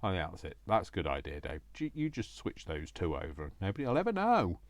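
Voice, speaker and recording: A man's voice: a bass voice, sing-song, a little fast, no echo. A man hosting a crafting video, rambling and joking at his own expense while he works, often talking to himself. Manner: rambling, self-mocking, talks to himself. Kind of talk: casual crafting chat while working.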